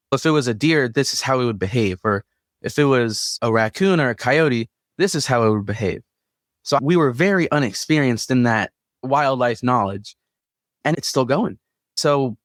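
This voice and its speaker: A young man from Kansas telling a camping story in a casual, animated way, laughing now and then and quoting himself. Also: mid-range voice, no room sound, clean studio sound. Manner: animated, laughs between lines, quotes himself. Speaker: guest telling an encounter story.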